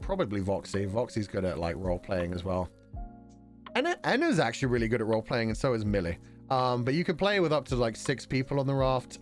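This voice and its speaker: A man with a Belfast accent chatting casually on a stream. His voice sits fairly low, and he rambles along with frequent laughs. Faint music plays underneath. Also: a little mellow. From Northern Ireland. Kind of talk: casual chat.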